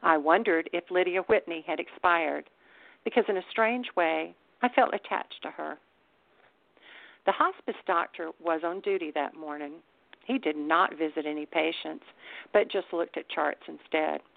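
A woman author reads her own first-person story with wry, deadpan humor. Her voice is low and gravelly. The sound is dry and thin, like a phone line. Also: measured pace, no echo. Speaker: author reading her book.

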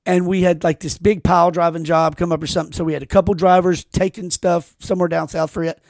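Gravelly, profane male podcast host. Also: a little high, flat delivery, fast talker, a little mellow, no room sound, studio quality. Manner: rambling, profane storytelling with many restarts. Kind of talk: casual podcast chat.

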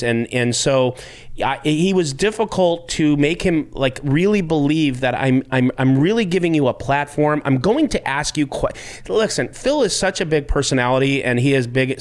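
A male podcast host in loose, casual conversation. He rambles, trips over restarts and acts out quoted exchanges, in a voice of ordinary pitch. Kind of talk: casual chat.

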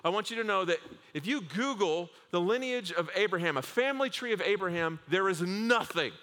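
A man preaching a sermon to a congregation, telling the stories with humor and lively asides. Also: sits high, fairly quick. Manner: humorous, animated storytelling with acted asides. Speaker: pastor. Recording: long hall reverb.

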